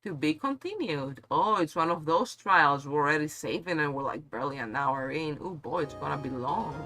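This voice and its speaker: Young woman, streamer, playful, self-mocking, bright, animated pitch. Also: moderate pace, faint music behind. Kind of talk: game playthrough commentary.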